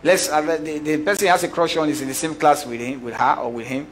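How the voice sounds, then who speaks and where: A man's voice: a little high, quick pace, soft background music. A middle-aged man preaching a sermon, questioning his congregation and acting out little scenes. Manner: animated preacher, asks the congregation questions, acts out voices. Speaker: pastor.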